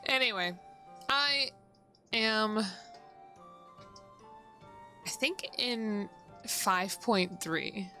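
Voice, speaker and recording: Woman, game streamer, casual chat, bright tone, faint background music. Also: mid-range voice, drawn-out words, long pauses. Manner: chatty, laughs often, talks to chat.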